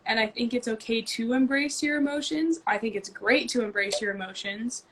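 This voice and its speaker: A woman's voice: on the high side, moderate pace, fairly bright tone, a little hiss or hum. A woman co-hosting a casual live-stream chat, talking earnestly and thinking aloud as she coaches a kids' team. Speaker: co-host and youth basketball coach.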